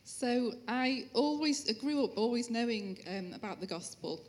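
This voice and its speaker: Gentle woman sharing her testimony. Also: fairly high pitch, animated, moderate pace. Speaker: interview guest, musician's wife. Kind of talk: personal testimony.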